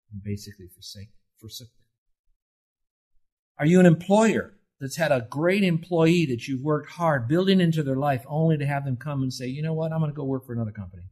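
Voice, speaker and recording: A middle-aged man, a pastor preaching a sermon in an earnest way, whose voice climbs higher and louder when he quotes scripture. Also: husky, low-quality recording. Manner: earnest, rises in pitch and force when quoting scripture.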